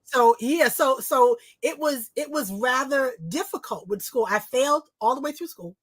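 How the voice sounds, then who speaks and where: A middle-aged woman from New Jersey, a guest telling personal stories in a sing-song, animated way and acting out voices. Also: high voice, moderate pace, slightly rough, dry recording. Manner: lively, acts out voices in her stories. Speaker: guest, author and illustrator. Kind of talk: personal storytelling in conversation.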